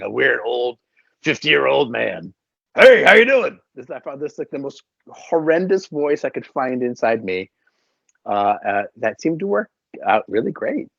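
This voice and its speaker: The voice here is a man's, medium-pitched, creaky and fairly bright, with no echo in a slightly dull, dry recording. A puppeteer and voice actor, he's an animated interview guest telling casual stories packed with fillers.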